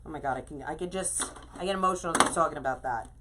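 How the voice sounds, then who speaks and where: A woman's voice: low-pitched, racing, background noise. A middle-aged woman hosting a casual craft live stream, chatting effusively and greeting viewers by name as she works.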